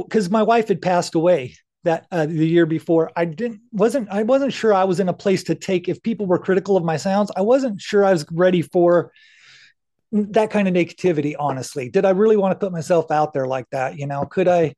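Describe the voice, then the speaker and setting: Middle-aged male guest, high voice, candid and earnest, casual cusser. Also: brisk, mellow. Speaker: podcast guest. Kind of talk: casual interview talk.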